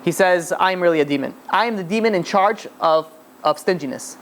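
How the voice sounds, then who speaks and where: A rabbi telling a story in a sermon, rambling with many "you know" and "right?" asides. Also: male voice, high-pitched, brisk, a bit bright, a little hiss or hum.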